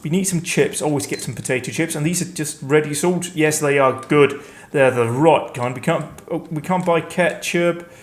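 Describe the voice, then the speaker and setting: A man's voice: a little high, moderate pace. A man hosting a let's play, giving rambling, self-mocking gameplay commentary that now and then bursts into panicked outcries.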